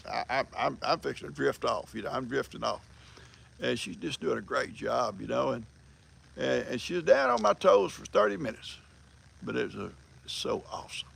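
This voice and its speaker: Folksy older man, very gravelly voice. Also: medium pitch, lively intonation, normal speed, fairly bright tone, a little hiss or hum. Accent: American country. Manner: folksy, rambling storyteller. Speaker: livestream host. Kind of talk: casual chat reading viewer comments.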